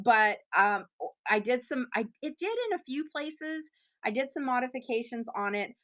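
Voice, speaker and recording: Chatty woman selling on a live stream. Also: medium pitch. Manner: chatty, excitable, many fillers. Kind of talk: casual live-stream chat.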